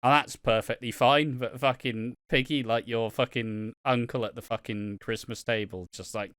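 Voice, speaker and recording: A man's voice: mid-range voice, steady tone, moderate pace, a bit bright, clear, resonant tone, no room sound, clean studio sound. A man from Wales co-hosting a podcast, chatting casually, swearing freely and laughing often as he rambles. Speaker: podcast co-host. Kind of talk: casual chat.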